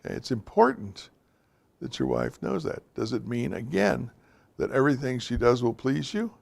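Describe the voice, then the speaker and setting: A man's voice: mid-range voice, huge pitch swings, moderate pace, vocal fry. A man giving an informal, direct talk to a class of men, speaking to them plainly as guys and fellas. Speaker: teacher of a men's class.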